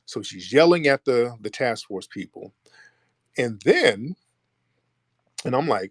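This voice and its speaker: A man tells a heated story in a relaxed, slangy voice with speech. His pitch sits in the middle range. The sound is dry and close, with no room echo. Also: slow, pauses often, breathy edge. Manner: animated retelling with voiced quotes, rising when heated. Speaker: commentator. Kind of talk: casual storytelling monologue.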